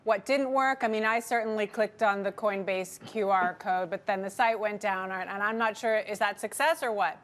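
A woman anchoring a business news show, presenting segments and questioning guests in a brisk, polished delivery. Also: medium pitch, a bit bright.

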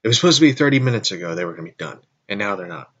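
A man imitating his exasperated father, who complains loudly and whines in a raised voice. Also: fairly low pitch, animated, very fast, slightly rough, lo-fi sound. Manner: whiny, complaining, loud. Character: grumbling exasperated middle-aged dad.

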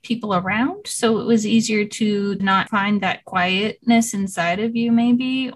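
A woman hosting a casual interview who asks curious, probing questions. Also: mid-range voice. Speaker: host.

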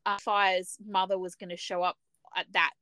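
A woman's voice: fairly low pitch, flat delivery, moderate pace, sharp tone, clear, resonant tone, no room sound. A woman co-hosting a podcast in casual chat, chatty and restarting often as she acts out her own reactions. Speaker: podcast co-host.

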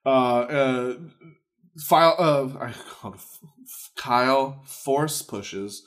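A man's voice: medium pitch, takes it slowly, a bit bright. A man co-hosting a podcast, recapping a film in casual chat with crude jokes. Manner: crude jokey banter, acts out characters. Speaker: podcast co-host.

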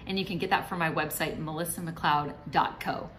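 A woman's voice: low-pitched, steady tone, moderate pace, a bit bright, a little hiss or hum, low-quality recording. A middle-aged woman vlogger giving marriage advice in a chatty, encouraging way, now and then acting out what a spouse might say. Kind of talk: direct-to-camera advice talk.

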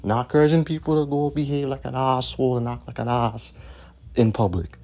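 A man's voice: mid-range voice, steady tone, fairly quick, darkish tone. A man hosting his own podcast, ranting in a combative, profane way and repeating his points. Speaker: podcast host.

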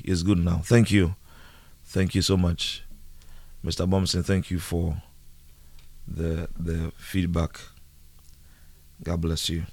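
A man preaching a live radio sermon, slow and earnest, repeating key phrases. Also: sits low, darkish tone, no room sound.

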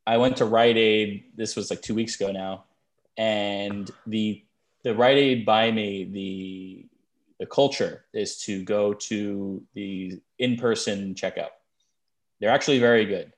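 A man's voice: lowish voice, fairly even intonation, unhurried. A man co-hosting a podcast, chatting casually and telling rambling stories with frequent restarts. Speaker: podcast co-host.

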